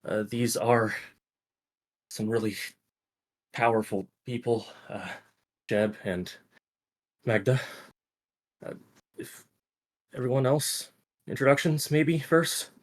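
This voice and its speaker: A man's voice: mid-range voice, slow, long pauses. A man playing a nervous young man who stammers and apologizes. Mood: flustered.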